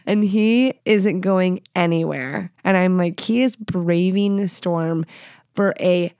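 A woman's voice: on the low side, slow, darkish tone, clean tone, no echo, clean studio sound. A woman in her thirties hosting her own podcast, talking in a candid, crude and self-mocking way, swearing often and peppering her speech with "like". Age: 30s. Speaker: podcast host. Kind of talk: casual solo podcast monologue.

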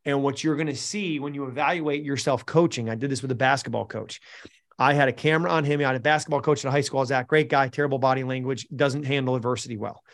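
A man hosting a live group coaching call, telling coaching stories in an energetic, encouraging way. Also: mid-range voice, fast. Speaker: mental performance coach, host. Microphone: video call.

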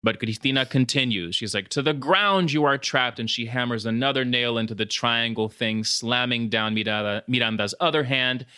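A man's voice: medium pitch, moderate pace, few pauses, smooth, no echo, clean studio sound. A man hosting a podcast, retelling a horror film words, swears and laughs mixed in. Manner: animated storyteller mixing in Spanish words, swears and laughs. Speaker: podcast host. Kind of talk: casual chat recapping a film.

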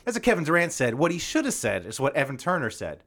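A man co-hosting a casual sports podcast, talking quickly, repeating himself and laughing often. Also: on the high side, wildly swooping pitch, fairly bright tone. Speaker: podcast co-host.

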